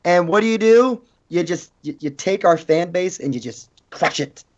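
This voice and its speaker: A man's voice: high-pitched, animated, moderate pace, lo-fi sound. A man hosting a casual sports talk podcast, ranting in exasperation about his team. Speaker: podcast host.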